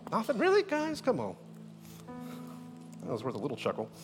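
A pastor preaching a sermon in a lively, joking way, firing rhetorical questions at his church. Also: sits high, normal speed, over music. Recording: echoey hall.

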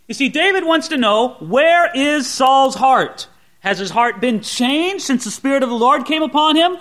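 A man's voice: extremely high pitch, animated, normal speed, a bit bright. A male pastor preaching an expository sermon, retelling a scripture story and dramatically voicing its characters. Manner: dramatic, voices the Bible characters with rising intensity.

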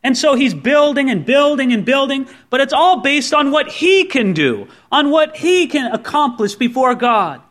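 A man preaching a sermon as pastor, telling the story with lively acted-out voices and asking the listeners direct questions. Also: very high-pitched, moderate pace, few pauses.

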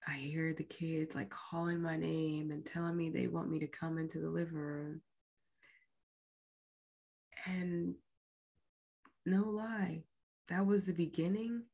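Low-voiced woman talking slow, hushed almost whispering, telling her own story on a podcast. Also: fairly even intonation. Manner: slow, halting, often dropping to a near whisper. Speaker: podcast host. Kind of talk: personal storytelling.

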